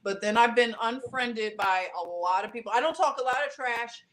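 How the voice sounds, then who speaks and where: A woman's voice: on the high side, moderate pace. A woman co-hosting a podcast, talking casually and telling stories animatedly. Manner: animated storytelling, acting out other people's reactions. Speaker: podcast co-host. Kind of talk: casual conversational podcast chat.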